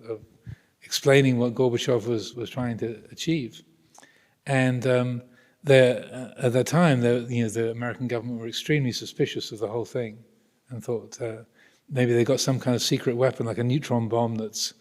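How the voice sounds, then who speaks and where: Man, Buddhist teacher, mid-pitch, halting thoughtful delivery, long reverb of a monastery hall. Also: a little mellow. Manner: thoughtful, hesitant, many restarts. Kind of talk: Dharma talk to visitors.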